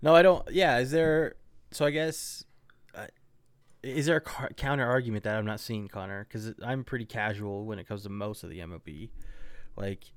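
A man's voice: on the low side, moderate pace, clean tone, no echo. A man co-hosting a casual sports podcast, joking and laughing often. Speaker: podcast co-host.

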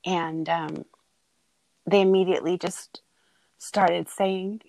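A middle-aged mother speaks in a slightly low voice, tender and halting, with many pauses and fillers as she tells a personal story. The sound is close and dry, with no room echo. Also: fairly even intonation, vocal fry, darkish tone. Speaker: mother telling her daughter's birth story. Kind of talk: casual heartfelt conversation.

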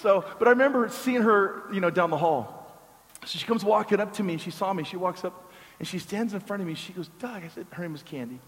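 High-voiced pastor preaching in a reverberant hall. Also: male voice, fast talker, fairly bright tone. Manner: conversational, with joking asides and repeated words. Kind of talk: storytelling sermon. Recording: long reverb of a large hall.

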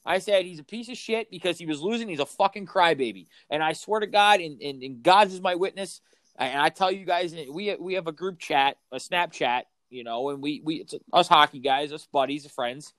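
Fairly high in pitch and fairly bright in tone, this man speaks at a moderate pace on a dry recording. He's a middle-aged coach of youth sports, and his basketball podcast rant is heated, full of heavy swearing, with every point driven home emphatically.

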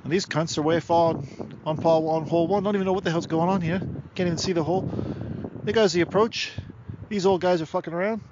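A man voicing a crude, excitable sports commentator with a put-on loose Australian accent, calling play outdoors. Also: fairly high pitch, fast talker, muffled recording, noisy background, pitched above the performer's own voice, lightly acted. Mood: rowdy. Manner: profane, rowdy play-by-play. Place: outdoors beside a park golf course.

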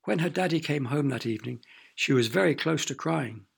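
A man narrating a children's storybook with expressive, playful sound effects. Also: a little high, brisk, creaky, husky.

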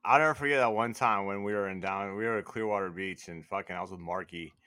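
A young man swears his way through a loose, rambling story on a podcast. His voice has a bright edge. It sounds dry and close, with no room around it. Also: lowish voice, quick pace, no echo. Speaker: podcast co-host. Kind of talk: casual chat.

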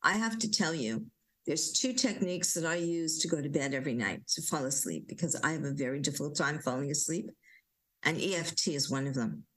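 A woman leading a guided relaxation talk at home, giving slow, soothing instructions with gentle repetition. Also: low-pitched, lively intonation, low-quality recording. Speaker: parenting coach leading calming exercises.

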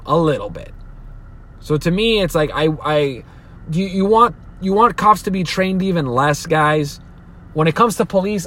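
In his opinionated solo podcast, a young host rants heatedly, swearing, rambling, and restarting his sentences often. He has a high voice with a fairly bright tone.

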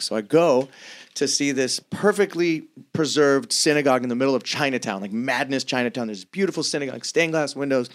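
A man's voice: medium pitch, fairly quick. A man guest in a casual podcast chat, telling stories and trading crude jokes. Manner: crude joking storyteller.

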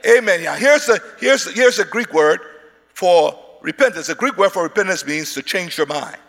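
Male preacher, bright high voice, shouts for emphasis, reverb-heavy hall. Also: animated, normal speed. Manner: emphatic, repeats words, rises into shouts. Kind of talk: sermon.

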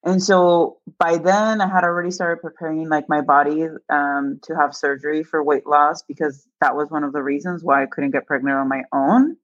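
A woman's voice: sits low, moderate pace, hardly any pauses, dry recording. A woman candidly telling a personal story, acting out the voices of the people in it. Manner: animated, acts out quoted voices with laughter. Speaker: guest telling her story. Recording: dull lo-fi dry sound.

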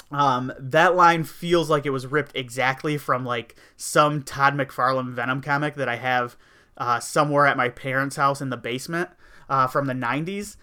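A man's voice: medium pitch, sharp tone, clear, resonant tone. A man hosting a podcast, chatting casually and wryly complaining, with lots of fillers. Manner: rambling, wry complaining with frequent fillers. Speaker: podcast host. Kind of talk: casual opinion chat.

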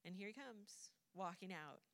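A woman's voice: mid-range voice, lively intonation, normal speed, slight background noise. A woman preacher casually retelling a Bible story in a chatty way, often laughing and lightly acting out the voices. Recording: long hall reverb.

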